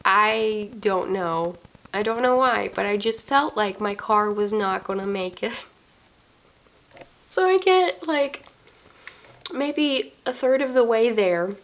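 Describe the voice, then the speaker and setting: A woman's voice: mid-range voice, animated, takes it slowly, pauses often, fairly bright tone. A young woman vlogger and wedding photographer telling a chaotic story in a casual storytime, acting out quoted dialogue with frequent laughter.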